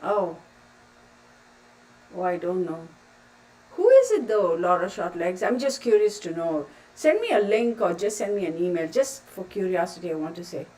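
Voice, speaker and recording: A woman's voice: fairly low pitch, big pitch swings, normal speed. Woman chatting on a livestream, a bit distant. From Texas. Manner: warm, calls viewers sweetheart, emotional. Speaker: livestream host. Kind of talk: casual livestream chat, reading viewer comments. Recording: distant mic with faint background noise.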